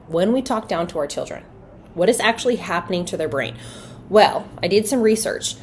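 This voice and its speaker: A woman's voice: mid-range voice, a little hiss or hum. Earnest woman hosting a parenting podcast. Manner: earnest, conversational, asks rhetorical questions. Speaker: podcast host. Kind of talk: solo podcast monologue on parenting.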